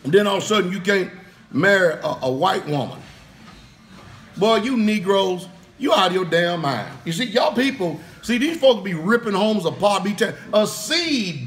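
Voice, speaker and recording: A man's voice: high voice, animated, unhurried, a bit bright. A man preaching in a heated, blunt way, firing off rhetorical questions and cursing freely. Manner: curses freely. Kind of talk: fiery preaching.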